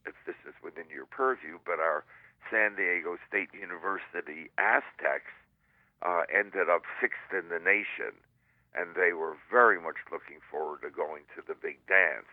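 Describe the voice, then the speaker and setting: Older man with a deep voice on a tinny phone line. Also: no room sound. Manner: rambling, halting, with many fillers and jokes. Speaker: guest columnist. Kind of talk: casual radio chat over the phone. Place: at home in San Diego.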